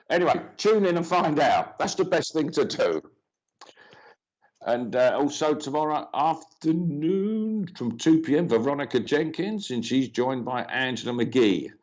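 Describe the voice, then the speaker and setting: A man's voice: fairly high pitch, lively intonation, measured pace, darkish tone. A man hosting a live mediumship reading stream, chatting loosely and greeting viewers by name between rambling, filler-filled remarks. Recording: dull lo-fi stream audio.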